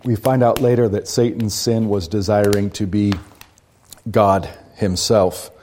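A man's voice: fairly low pitch, steady tone, a little slow, darkish tone, slight background noise. A man leading a Bible study class, explaining scripture conversationally and asking rhetorical questions.

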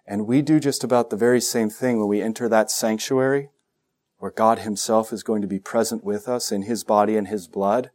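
Male pastor, sermon delivery, animated with humorous asides. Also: on the low side, moderate pace. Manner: animated, joking asides, acts out quoted voices.

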